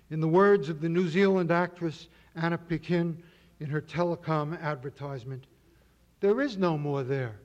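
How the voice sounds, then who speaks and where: Measured man lecturing over slides, lo-fi. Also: on the high side. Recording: dull lo-fi audio.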